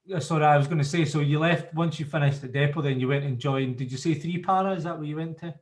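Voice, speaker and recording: A man's voice: a little high, fast talker. A man hosting a video-call interview, friendly and chatty as he prompts his guest. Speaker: host, interviewer.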